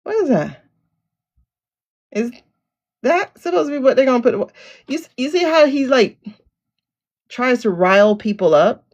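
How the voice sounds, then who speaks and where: A woman's voice: high-pitched, expressive, unhurried, long pauses, darkish tone. A woman hosting a casual livestream, chatting with viewers and greeting them by name. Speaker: livestream host. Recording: lo-fi downloaded livestream audio.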